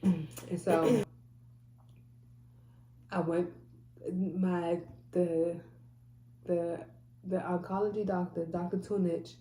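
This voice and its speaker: A woman's voice: fairly low pitch, little pitch movement, very slow, long pauses, mellow, echoey room, a little hiss or hum. A woman telling a personal faith testimony in a casual, emphatic way, repeating phrases and restarting often. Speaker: mother sharing a faith testimony.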